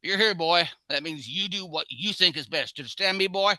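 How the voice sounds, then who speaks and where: A stern old veteran barks short, blunt orders, as a man puts him on while telling a story. The voice rides high and hard-edged. It sits close and dry, with no room around it. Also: a little fast, sharp tone, no echo. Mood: commanding. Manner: blunt, commanding, clipped. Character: stern gruff older Vietnam veteran uncle.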